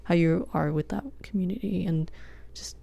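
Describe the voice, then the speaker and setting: A woman's voice: fairly low pitch, normal speed, creaky, mellow. A woman as a podcast guest, talking in a reflective, casual way and laughing often.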